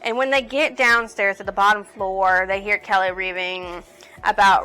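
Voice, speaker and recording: A woman's voice: medium pitch, steady tone, moderate pace, sharp tone, smooth, rough recording. A woman casually retelling a book's plot for a review, rambling, correcting herself and swearing now and then. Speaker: book reviewer.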